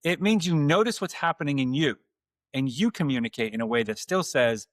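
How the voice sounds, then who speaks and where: A man hosting his own podcast, delivering a calm, earnest, scripted monologue to fathers. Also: a little high, a little fast, no room sound, clean studio sound. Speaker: podcast host.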